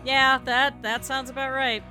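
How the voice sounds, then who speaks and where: A woman's voice: high voice, flat delivery, a little slow, sharp tone, soft background music. A young woman streaming a video game, chatting casually with her viewers and swearing in exasperated bursts at the game. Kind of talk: casual gameplay commentary.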